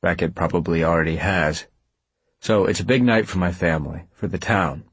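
A man voicing a kind young man who talks plainly and gently, a little awkward. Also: low-pitched, normal speed, husky, dry recording. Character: steady, kind young man talking to a ghost.

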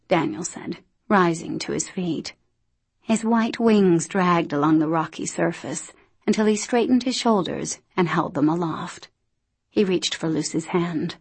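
A woman narrating an audiobook in a steady, deliberate reading style. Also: lowish voice, breathy edge. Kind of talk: scripted narration.

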